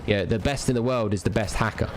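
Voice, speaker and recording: A man's voice: fairly low pitch, fast, background noise. A young man streaming a game, ranting casually, profane and rambling with lots of restarts. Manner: rambling, profane, repeats himself.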